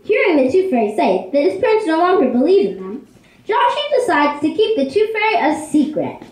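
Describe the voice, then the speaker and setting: A woman tells a children's story with a high, animated voice that rises and falls expressively. The room around her is noticeably echoey. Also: a little fast. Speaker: narrator. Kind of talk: storybook narration.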